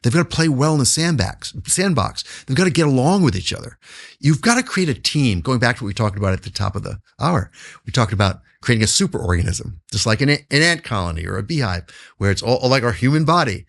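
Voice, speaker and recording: A man speaking as a guest in an interview. His pitch moves a lot, rising and falling as he stresses points, and he repeats key words to hammer them home. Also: gravelly, fairly bright tone. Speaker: guest, business founder. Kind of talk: interview answer.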